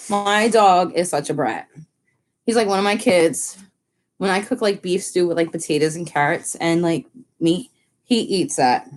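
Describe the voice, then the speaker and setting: A woman talks in a loose, rambling way, scattering fillers as she live-streams from her home. Her voice sits a little low for a woman. It is relaxed, unscripted chat. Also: moderate pace. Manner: chatty, rambling, many "like" fillers; slips into high baby talk with her dog. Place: family home.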